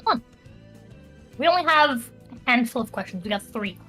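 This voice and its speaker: High bright-voiced woman joking bluntly. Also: expressive, normal speed, breathy edge, faint music behind. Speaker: podcast co-host. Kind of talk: casual chat, reading listener questions.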